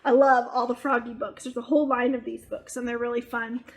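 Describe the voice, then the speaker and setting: A woman's voice: a little high, flat delivery, a little fast. A woman reading picture books aloud to children on a livestream, with playful asides to her young listeners. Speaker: storytime reader. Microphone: webcam or phone, livestream.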